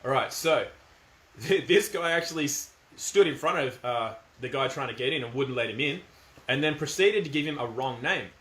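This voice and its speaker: A man's voice: medium pitch, expressive, moderate pace, fairly bright tone. A middle-aged man with an Australian accent, talking in a casual, firm and emphatic monologue. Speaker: commentator. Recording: echoey room.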